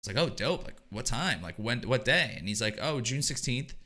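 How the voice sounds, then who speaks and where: A young man, co-hosting a casual podcast and telling stories in an animated way, swearing and laughing often. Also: mid-range voice, moderate pace. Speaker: podcast co-host.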